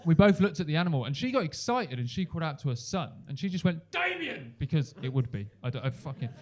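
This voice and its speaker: A young male comedian works a club stage through a handheld mic. His voice sits a touch high, and he keeps it lively, jumping into loud, high-pitched impressions of the people in his stories. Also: fast. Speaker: stand-up comedian. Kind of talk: stand-up comedy set.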